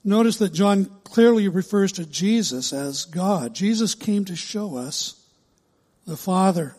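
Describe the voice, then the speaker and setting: A man preaches a sermon with measured emphasis, drawing out important words and stressing phrases. His voice sits a little high for a man and has a soft, breathy edge. It rings with the long reverb of a large hall. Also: expressive. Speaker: pastor.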